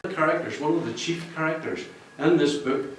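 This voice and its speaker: A man's voice: on the high side, fairly quick, a little hiss or hum. Man speaking in an echoey room. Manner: jokey, rambling, laughs at his own jokes. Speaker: book cover artist speaking at a launch. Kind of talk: public speech to an audience. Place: function room with an audience. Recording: echoey room, distant mic.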